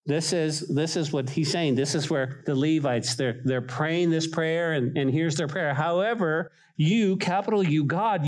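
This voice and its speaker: A man preaching a sermon in a voice that sits on the higher side for a man. He talks to his congregation in a conversational, emphatic way and leans on repetition to drive his points home. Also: low-quality recording. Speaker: pastor.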